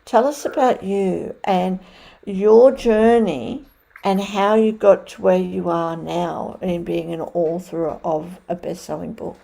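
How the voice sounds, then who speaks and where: Effusive woman host with a warm, mellow tone. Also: on the low side, steady tone, slow, gravelly. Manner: effusive, rambling, with many restarts. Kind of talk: interview hosting.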